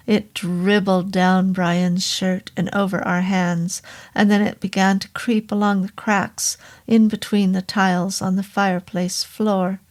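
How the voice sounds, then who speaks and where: A woman reading a horror novel aloud as an audiobook, in a slow and measured way. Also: medium pitch. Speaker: audiobook narrator.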